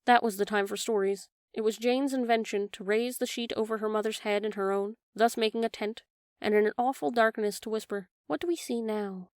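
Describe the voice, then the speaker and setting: A woman narrates a classic storybook in a measured, gentle way. Her voice sits at a middle pitch. The recording is close and dry. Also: flat delivery, clean tone, dry recording. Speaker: audiobook narrator. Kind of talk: scripted narration.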